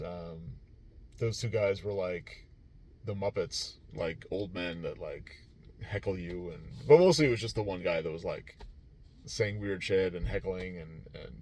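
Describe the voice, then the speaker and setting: Low-voiced man rambling casually. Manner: rambling, many fillers and restarts, laughs easily. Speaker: game master at a convention. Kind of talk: casual vlog recap.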